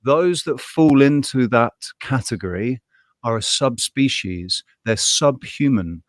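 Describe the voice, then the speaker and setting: A man in casual podcast conversation who rants bluntly and swears freely. He keeps a middle pitch. His voice sounds dry and close, with frequent laughs and restarts. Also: animated, slow pace, dry recording. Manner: heated, blunt ranting with swearing; laughs often, restarts mid-sentence. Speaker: podcast co-host. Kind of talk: casual live podcast chat.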